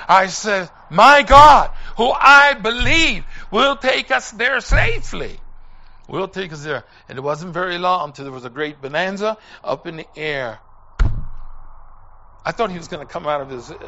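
A man preaching a sermon, telling a personal story and building to shouted emphasis, recorded with a dull lo-fi sound. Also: sits high, creaky.

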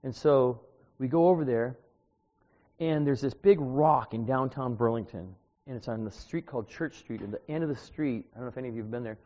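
A man's voice: mid-range voice, fairly quick, mellow. Man in his 60s preaching in an echoey church. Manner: informal, self-deprecating, chatty asides to the congregation. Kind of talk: conversational sermon with personal stories. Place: church, at the pulpit. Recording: dull, echoey church recording.

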